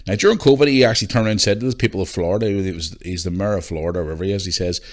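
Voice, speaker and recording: A man's voice: sits low, very fast. A man hosting a podcast, ranting his opinions in a blunt, sweary, casual way. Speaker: podcast host.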